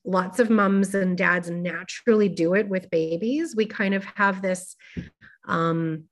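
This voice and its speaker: A woman's voice: mid-range voice, fairly even intonation, a little slow. A woman presenting a workshop, explaining things in an informal, careful way with frequent fillers.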